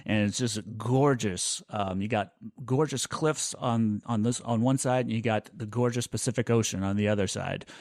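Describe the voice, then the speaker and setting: A man's voice: fairly low pitch, normal speed, hardly any pauses, darkish tone, no room sound, clean studio sound. A man in his forties co-hosting a podcast, talking in a laid-back, self-deprecating way. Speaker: podcast co-host. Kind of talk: casual chat.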